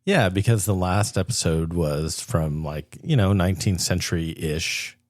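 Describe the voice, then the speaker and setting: A man co-hosting a podcast in casual chat, hesitant and halting, with soft laughs. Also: sits low, no echo, studio quality. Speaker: podcast co-host.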